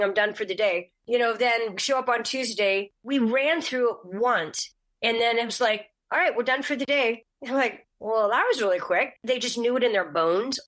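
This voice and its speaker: Telling stories as a guest on a casual podcast, a middle-aged actress stays animated, popping into high voices whenever she quotes someone.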